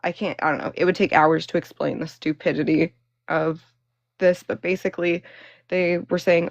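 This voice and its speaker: A woman's voice: fairly low pitch, fairly even intonation, normal speed, creaky, dry recording, highs cut off. A young woman hosting a phone livestream, chatting and ranting casually, full of fillers and laughing between phrases. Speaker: livestream host. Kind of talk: casual live-stream chat and rant.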